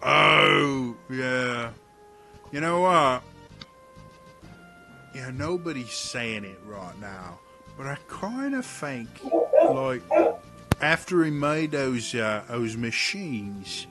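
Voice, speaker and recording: A man voicing a rough, blunt male tavern brawler with a Cockney accent, talking in a chatty, rambling way. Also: medium pitch, very animated, very slow, pauses often, sharp tone, soft background music, exaggerated voice. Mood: gruff chatty.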